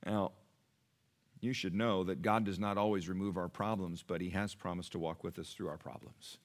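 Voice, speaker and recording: Man, middle-aged, pastor, sermon, lowish pitch, emphatic, quiet-to-loud swings. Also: fairly even intonation, moderate pace. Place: church.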